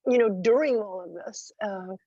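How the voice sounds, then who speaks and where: A woman's voice: medium pitch, normal speed, mellow, no room sound. Woman, emotional friend on a video call, tearful, gushing, lots of fillers; dry, muffled call audio. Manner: gushing, rambling with many fillers. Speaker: friend calling in. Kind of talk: emotional heartfelt tribute.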